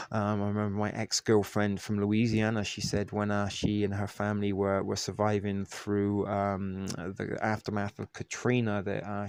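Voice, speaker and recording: A man with a low, gravelly voice hosts a casual live stream and chats loosely with his viewers. His delivery stays flat, with little lift. It is full of fillers and restarts, and the sound is close and dry. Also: no room sound. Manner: rambling and loose, many fillers and restarts, mild swearing. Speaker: livestream host. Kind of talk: casual live-stream chat, reading and answering viewer comments.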